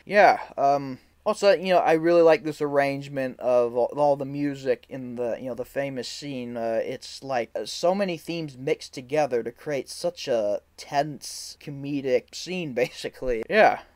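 Male video creator, mid-pitched, loose and rambling, laughs a lot. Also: a little slow, hardly any pauses, a little mellow. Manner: rambling, many fillers, laughs often. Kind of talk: casual video commentary.

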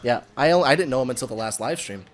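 A young man hosting a casual gaming livestream, excitable and swearing freely between laughs. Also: mid-range voice, quick pace. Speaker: livestream host.

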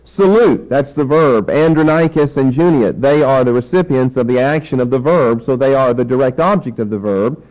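A man's voice: medium pitch, moderate pace, hardly any pauses, darkish tone, rough recording. A man teaching a Bible lesson, explaining points emphatically and spelling out words letter by letter.

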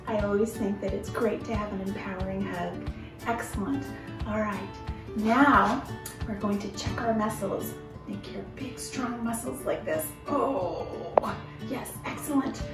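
A woman leading a children's movement and song lesson from her home, speaking in a slow, encouraging sing-song way. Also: medium pitch, over music. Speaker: children's movement and music leader. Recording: echoey room, mic at a distance.

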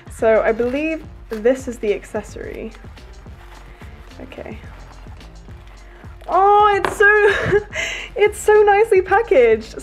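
High-voiced, gushing woman unboxing toys. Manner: gushing and excitable, frequent gasps. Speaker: toy collector vlogger. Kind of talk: casual unboxing vlog.

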